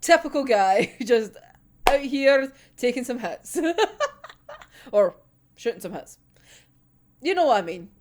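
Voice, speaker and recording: Speaking slowly with long pauses, a young manga reaction host walks through a chapter in a high, very animated voice. She gushes, giggles often, and swears freely.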